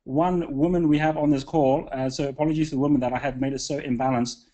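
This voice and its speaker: A man's voice: a little high, fairly even intonation, fast, dark tone. Upbeat man hosting a live webinar. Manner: upbeat, many fillers and restarts. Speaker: webinar host. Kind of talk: live online call, casual.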